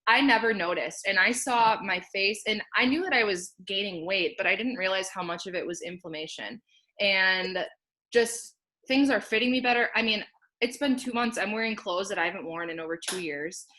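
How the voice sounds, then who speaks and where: A woman's voice: medium pitch, normal speed, sharp tone. A young woman sharing her personal success story from home in an upbeat, chatty way, laughing often and peppering her speech with "like.". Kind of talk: casual personal testimonial.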